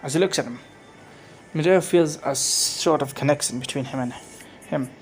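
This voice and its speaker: At a moderate pace and in a mid-range voice, a man casually reads his own fan-made story, rambling with frequent restarts and self-corrections. Music is in the background and the recording is rough.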